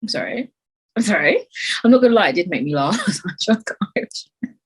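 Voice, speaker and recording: Husky woman, chatty podcast host. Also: lowish voice, sing-song, brisk, poor audio. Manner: chatty, swears freely, rambles off on tangents. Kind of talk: casual solo chat.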